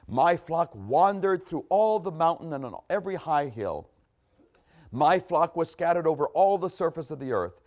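A male preacher delivering an expository sermon in a voice set a touch higher than most men's. He reads long scripture passages and comments on them, with a lively, rising and falling delivery. He repeats key phrases for emphasis and clears his throat from time to time.

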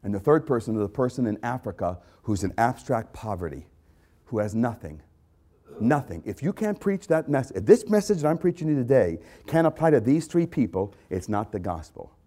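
A man preaching a sermon with passion, repeating lines and swinging from loud outbursts to quiet, intense remarks. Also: mid-range voice, big pitch swings, brisk. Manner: impassioned, repetitive, swings loud to soft. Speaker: pastor.

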